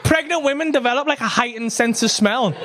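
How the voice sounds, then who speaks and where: High-voiced young comedian ranting, swearing. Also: male voice, brisk, fairly bright tone, some chatter behind, a little hiss or hum. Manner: rambling, swearing, rising to exasperated rants. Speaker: stand-up comedian. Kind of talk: stand-up routine.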